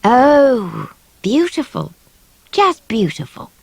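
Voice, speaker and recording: A woman's voice: fairly high pitch, big pitch swings, takes it slowly, vocal fry, husky, no room sound, pitched above the performer's own voice, heavily acted, low-quality recording. A woman reading the part of a prim, pious older grandmother in an audiobook, with a proper, correcting manner. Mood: musing. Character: genteel, pious elderly grandmother.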